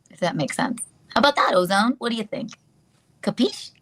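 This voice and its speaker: A woman's voice: medium pitch, animated, brisk, a bit bright. A woman chatting casually on a livestream, cooing at a dog and thanking viewers. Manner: cooing, giggly, talks to a dog. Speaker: guest in a played livestream clip.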